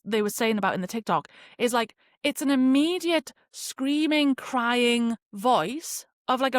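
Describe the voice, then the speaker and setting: A young adult woman hosting a casual solo podcast, talking in an animated, chatty way with lots of fillers like "like". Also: mid-range voice, dry recording, clean studio sound. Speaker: podcast host.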